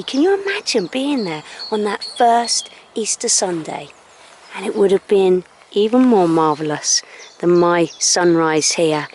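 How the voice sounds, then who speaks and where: A woman telling a story to schoolchildren outdoors at sunrise. She speaks in an animated way and drops to hushed tones at dramatic moments, recorded on a handheld phone. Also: mid-range voice, background noise. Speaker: school assembly presenter. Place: outdoors on a hill at sunrise with a dog. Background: birdsong.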